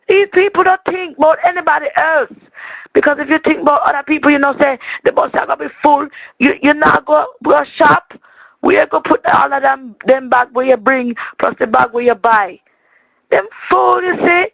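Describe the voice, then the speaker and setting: A man's voice: very high-pitched, steady tone, moderate pace, vocal fry, fairly bright tone, dry recording, heavily acted, low-quality recording. A man voicing a chatty, indignant Jamaican woman leaving a voicemail, rambling and stammering as she complains. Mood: exasperated. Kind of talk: comic monologue as a voicemail.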